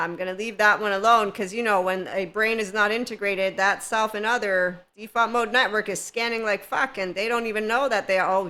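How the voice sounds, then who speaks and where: A woman's voice: medium pitch, bright, forceful tone. A woman hosting a podcast, talking in a rambling, casual monologue about spirituality, laughing often and making sarcastic asides. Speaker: podcast host.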